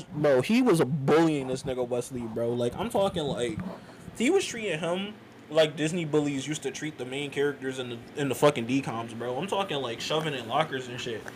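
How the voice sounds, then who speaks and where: A young man giving a loose, slangy, rambling wrestling review, animated and casual. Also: a little high, brisk, noisy background.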